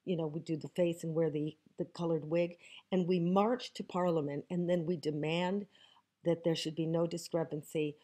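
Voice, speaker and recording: A woman's voice: deep voice, fairly even intonation, moderate pace, warm tone. A woman hosting a casual to-camera question segment outdoors, talking in a wry, joking way with emphatic asides. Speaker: host answering viewer questions. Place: outdoors in the countryside.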